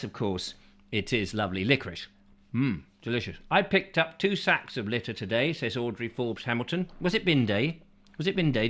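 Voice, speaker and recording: A man's voice: medium pitch, a bit bright. A man hosting a rambling comic chat show, reading out viewer comments with jokey rhetorical questions and mock-confused asides.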